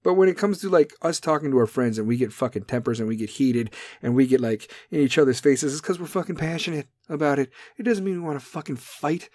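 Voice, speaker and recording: A man hosting a talk show, ranting in a brash, profane, comedic way and now and then dropping into mocking high voices. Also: lively intonation, fast talker, few pauses, darkish tone, dry recording. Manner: brash, swearing, swings into mocking falsetto bits. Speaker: podcast host.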